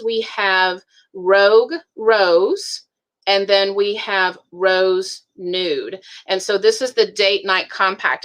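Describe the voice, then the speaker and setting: A woman walks viewers through a live makeup demonstration. Her tone is bright and forward, and she is chatty and upbeat, calling the audience girlfriend. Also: medium pitch. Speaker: beauty product presenter.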